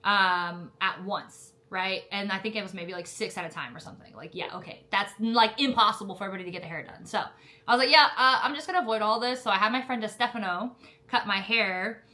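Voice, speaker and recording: A woman's voice: mid-range voice, fairly quick, sharp tone. A young woman casually telling a story about officer training, chatty and full of fillers, laughing now and then. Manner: laughs often while retelling. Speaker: Marine officer candidate telling her story.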